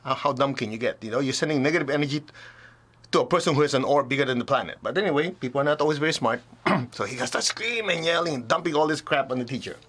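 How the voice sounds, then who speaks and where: A man's voice: mid-range voice, expressive, fast talker, fairly bright tone, breathy edge. A man teaching a spiritual talk to an audience, casual and blunt, often acting out the voices of people he quotes.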